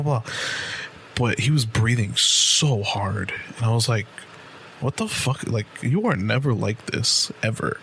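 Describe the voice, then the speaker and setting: A man's voice: fairly low pitch, creaky, a bit bright, a little hiss or hum. A man in his late twenties co-hosting a podcast, telling a long casual story with lots of profanity and fillers. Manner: loose, profane storytelling full of "like" and "right?". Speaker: podcast co-host.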